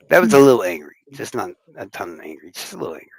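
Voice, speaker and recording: A man's voice: lowish voice, very animated, fast, vocal fry, breathy edge, no echo, poor audio. A man streaming and chatting casually, rambling, swearing and acting out other people's reactions. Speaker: streamer and musician.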